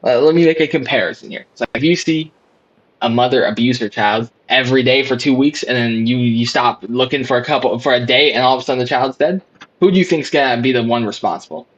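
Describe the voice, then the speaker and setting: A man's voice: medium pitch, fast talker, highs cut off. A man acting as prosecutor in a mock trial among gaming friends, rambling and repeating "obviously" and "of course".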